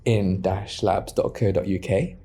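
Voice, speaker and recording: A man co-hosting a student podcast in casual chat, relaxed and quick to laugh, with hesitant fillers when he explains research. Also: low voice, slightly rough. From half French. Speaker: podcast co-host.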